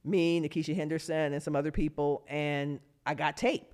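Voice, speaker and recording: A lively woman in her fifties tells stories from her playing career in a relaxed interview. She talks with real animation, laughs easily and jumps into other people's voices as she quotes them. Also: deep voice, normal speed, clean tone. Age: 50s. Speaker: guest, former pro basketball player. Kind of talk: casual interview storytelling.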